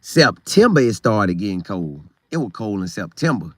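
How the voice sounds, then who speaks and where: A middle-aged Florida host reads his live chat on a casual stream, rambling a bit and repeating phrases to drive points home. His voice sits on the low side and has a sing-song quality at a moderate pace, with no room sound.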